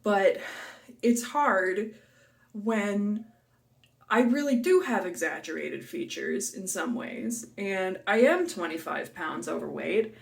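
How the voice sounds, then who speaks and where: A young woman talking candidly to her camera at home in a personal vlog, emotional and halting, at times tearful and out of breath. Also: mid-range voice, animated, vocal fry, slightly rough. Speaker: vlogger. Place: home, kitchen and living room.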